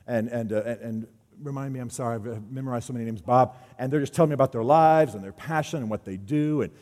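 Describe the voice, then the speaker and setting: A man preaching a sermon on a stage, telling a story in a lively way and acting out the quotes. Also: mid-range voice, fast. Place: stage before an audience. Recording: long hall reverb.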